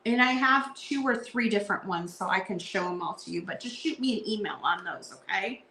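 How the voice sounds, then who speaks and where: A woman's voice: mid-range voice, lively intonation, brisk, sharp tone, a little hiss or hum. A woman hosting a casual live sale, chatting and reading card verses aloud in a playful sing-song. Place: indoor room at home. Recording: echoey room.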